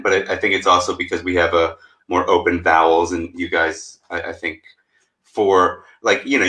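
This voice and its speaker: Brief: low, forceful American man, teasing and rambling, echoey room on a call. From United States. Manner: teasing, rambling, self-interrupting. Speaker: livestream co-host. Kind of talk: casual joking chat.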